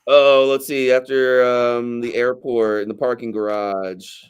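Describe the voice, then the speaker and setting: A man's voice: medium pitch, level tone, unhurried, clean tone. A man co-hosting a movie podcast, chatting casually and loosely, with lots of fillers. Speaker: podcast co-host. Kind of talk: casual chat about a movie.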